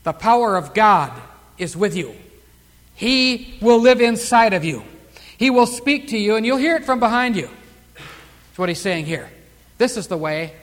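High-voiced fervent preacher man. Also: a bit bright, in a large hall. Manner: fervent preaching, surging emphasis on key words. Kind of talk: sermon.

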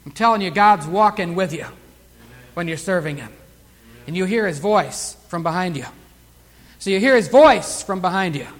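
A man preaches with a high, ringing voice that swells on his key words. His sermon echoes with the long reverb of a large hall. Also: animated, normal speed, pauses often. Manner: fervent preaching, surging emphasis on key words.

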